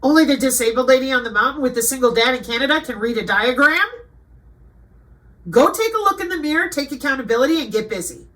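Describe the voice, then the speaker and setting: A woman's voice: sits high, animated, quick pace, fairly bright tone, poor audio. A woman reading aloud from a web page and commenting, indignant and lecturing at times. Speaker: online commentator.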